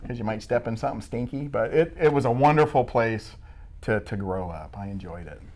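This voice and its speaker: A middle-aged man from Iowa in a relaxed interview, his pitch rising and falling with each story. He jokes and pokes fun at himself. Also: brisk. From Midwest US, Iowa. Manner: joking, self-mocking storyteller. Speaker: school staff member being interviewed. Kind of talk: casual interview chat.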